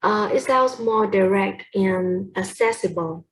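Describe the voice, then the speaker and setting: Slow, hesitant young woman presenting. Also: medium pitch, poor audio. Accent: Vietnamese. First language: Vietnamese. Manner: hesitant, many fillers and self-corrections. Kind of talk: class presentation on poetry.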